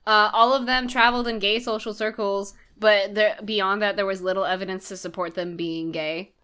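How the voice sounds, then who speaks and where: A woman's voice: mid-range voice, steady tone, moderate pace, pushed and bright, clear, resonant tone. A woman hosting a podcast quiz in casual chat, giggly and apologetic.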